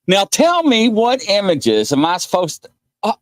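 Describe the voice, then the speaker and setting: A man's voice: high voice, wildly swooping pitch, moderate pace, no echo. A man hosting a live stream in casual chat, rambling and reading out viewer names as he goes. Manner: rambling, laughs often, reads out viewer names. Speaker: host.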